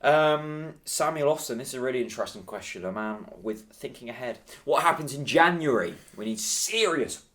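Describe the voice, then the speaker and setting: A man's voice: medium pitch, expressive, brisk, hardly any pauses, a bit bright. A man co-hosting a podcast, reading out listener questions and teasing his co-host with what-if scenarios in casual chat.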